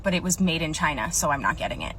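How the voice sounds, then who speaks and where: Sketch role: woman plays preachy customer, bright voice, lecturing tone. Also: sits low, animated, quick pace, slight background noise, voice pushed down. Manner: lecturing, self-righteous.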